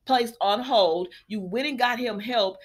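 A woman hosting a casual recap vlog, talking straight to her viewers in an animated, sassy way. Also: on the high side, unhurried. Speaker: soap opera recap host.

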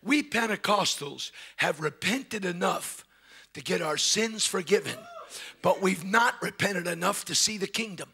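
Shouting high-voiced Pentecostal preacher. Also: male voice, measured pace, creaky, husky. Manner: loud, shouting, preaching with rising bursts. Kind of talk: Pentecostal sermon. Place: church hall with congregation.

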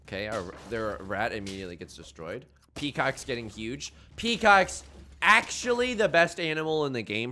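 A man giving casual, jokey commentary while playing a game, with sudden loud outbursts. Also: on the high side. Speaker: gaming YouTuber.

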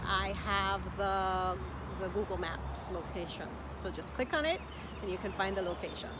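Woman, Spanish teacher, slow careful repetition, encouraging, outdoor park, clear birdsong and traffic behind. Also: medium pitch. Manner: slow, careful, repeats each word. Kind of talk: language lesson.

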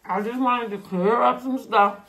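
A woman's voice: a little high, fairly bright tone. Chatty woman eating on camera. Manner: chatty, laughs often, talks while eating. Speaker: mukbang vlogger. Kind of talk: casual eating vlog chat.

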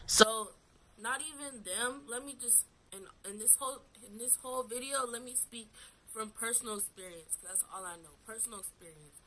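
A woman's voice: fairly high pitch, pushed and bright, a little hiss or hum, low-quality recording. A young woman vlogging casually while getting ready, giving candid advice from personal experience and calling the viewer sis. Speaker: beauty vlogger. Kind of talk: casual get-ready-with-me chat.

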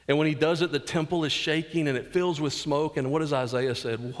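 In a church sanctuary with long reverb, a Southern US pastor preaches an earnest sermon, acting out quotes and tossing asides to the congregation. His mid-range voice moves fairly quickly, with hardly any pauses.

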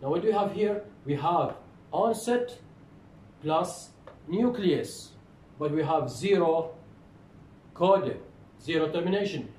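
Male lecturer, fairly high voice, repeats key terms, echoey room with faint hiss. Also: expressive, slow pace, pauses often, a little mellow. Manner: repetitive, asks questions and answers them. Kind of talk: phonetics lecture.

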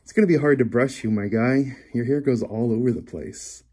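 Husky man cooing to his pet. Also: mid-range voice, a little fast, a little mellow. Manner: cooing pet talk with frequent chuckles. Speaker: guinea pig owner and channel host. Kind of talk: talking affectionately to a pet while brushing it.

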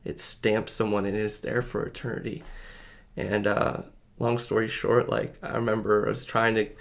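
A man's voice: on the low side, level tone, normal speed, gravelly. A man sharing a personal faith story in casual conversation, earnest and rambling, with lots of fillers. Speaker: podcast guest. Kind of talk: casual testimony chat.

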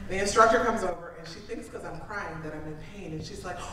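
A woman's voice: fairly low pitch, fast talker, crowd noise. A woman giving a humorous motivational talk to a live audience, telling stories with self-deprecating humor and frequent laughs. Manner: animated storytelling, self-deprecating, laughs often. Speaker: keynote speaker. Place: large conference room with live audience. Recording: very echoey room, distant mic, ambient noise.

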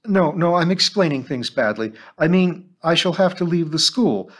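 A man's voice: a little high, animated, normal speed, pitched above the performer's own voice. A man reading an audiobook and voicing a fretful, hesitant middle-aged woman teacher who is a grandmother. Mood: anxious.

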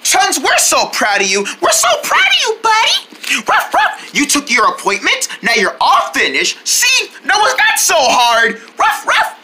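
A woman hosting a playful children's show, talking excitedly to her young viewers in a sing-song way. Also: high voice, normal speed, noisy background.

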